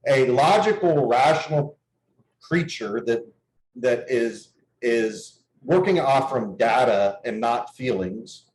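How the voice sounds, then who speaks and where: A man's voice: mid-range voice, expressive, slow, a little mellow. A man coaching on dating, explaining his views and telling a client's story in an earnest, casual conversational way. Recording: echoey room.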